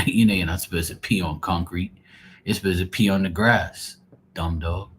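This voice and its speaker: A man's voice: sits low, fairly even intonation, normal speed, a little hiss or hum. A man hosting a casual live stream, rambling and exasperated and swearing freely. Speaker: live tarot reader.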